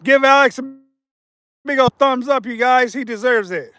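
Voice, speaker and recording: A man's voice: extremely high pitch, moderate pace, bright, forceful tone. A man hosting a casual fishing livestream from outdoors by a river, chatting with viewers and laughing often.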